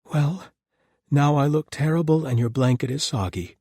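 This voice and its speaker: An earnest young nun, tender and a little flustered, in a lifted, gentle voice, as a male narrator puts her on. The sound is close and dry, with a breathy edge. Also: fairly high pitch, moderate pace, no echo, pitched above the performer's own voice.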